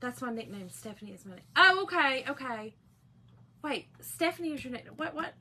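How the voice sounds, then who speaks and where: A chatty, bubbly middle-aged woman with a Southern US drawl, hosting a live crafting stream and greeting viewers one by one. Her voice sits a little high and rings bright and forceful. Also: lively intonation, a little fast, husky. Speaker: craft livestream host. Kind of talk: casual live chat while crafting.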